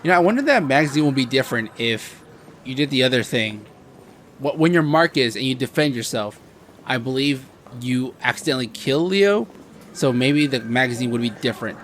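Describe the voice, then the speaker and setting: A man talking casually over a video game, reading out on-screen text in a middle-pitched voice and breaking off for wry comments. Faint noise sits in the background. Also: animated, a little fast, fairly bright tone. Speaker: gameplay commentator.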